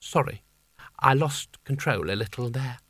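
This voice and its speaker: A man's voice: medium pitch, unhurried, a bit bright, husky, dry recording. A man voicing a pompous, flowery-speaking male ruler who speaks with prim, ornate compliments.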